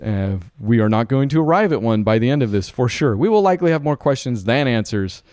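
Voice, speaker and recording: A podcast co-host with a medium-pitched, expressive, darkish voice talks a little fast as he breaks down a film. He's chatty and analytical, full of asides and frequent "like" and "right?", recorded dry in a clean studio.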